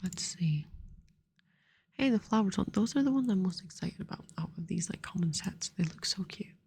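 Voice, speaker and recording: A woman murmurs soft-spoken ASMR commentary close to the microphone, half whispering as she talks herself through each move. Her voice is low, warm and mellow, with a gravelly fry and a very airy, husky texture. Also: expressive, moderate pace. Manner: softly whispered, rambling self-talk. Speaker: ASMR gaming channel host.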